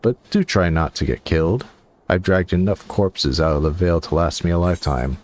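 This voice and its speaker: A man's voice: sits low, brisk, a little mellow, slight background noise, close to an everyday voice. A man voicing a weary, sardonic male cave guard, reading game dialogue with grim humor. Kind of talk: game dialogue read aloud.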